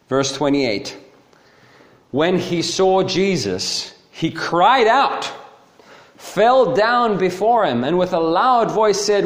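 A man preaching a sermon in an emphatic, animated manner, often checking in with his listeners. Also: fairly high pitch, takes it slowly. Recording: roomy echo.

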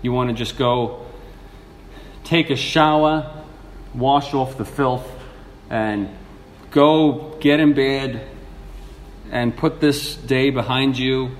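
Earnest preacher in an echoey hall. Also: male voice, medium pitch, slow pace, long pauses, a little hiss or hum. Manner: earnest, animated, acts out quotes with laughs. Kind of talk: sermon. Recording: echoey hall with faint ambience.

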